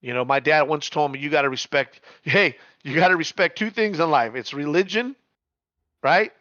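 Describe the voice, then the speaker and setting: A middle-aged man telling a story in casual chat, animated, repeating words and swearing freely. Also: fairly high pitch, normal speed, no room sound, muffled recording.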